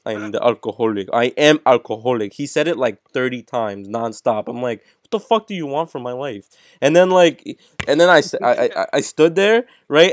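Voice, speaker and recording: A man's voice: a little high, no room sound, studio quality. Rambling young man telling a gym story. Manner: swearing, rambling, lots of "like" and "bro". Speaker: podcast co-host. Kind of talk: casual storytelling chat. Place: home setup, live stream. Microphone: headset.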